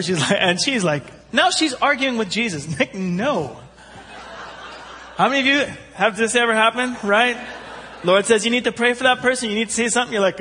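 A man preaching, telling a story with animated voices for its characters. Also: sits high, a little fast, breathy edge. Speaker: pastor. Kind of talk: sermon storytelling. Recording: long hall reverb.

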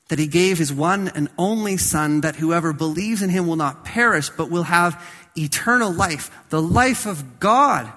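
A man preaching a sermon as pastor, swinging from loud to soft and slowing down on key phrases. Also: on the high side, in a large hall.

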